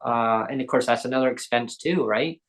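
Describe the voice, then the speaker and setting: A man in the host's seat of a podcast, speaking at a middle pitch for a man. He talks casually and earnestly and gets animated as he tells his stories. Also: brisk, rough recording. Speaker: podcast host.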